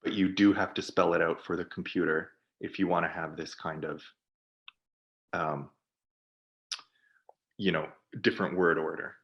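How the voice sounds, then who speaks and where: A man on a video call, presenting for a product team and walking through software in a webinar while thinking aloud. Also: low voice, flat delivery, moderate pace, long pauses, lo-fi sound.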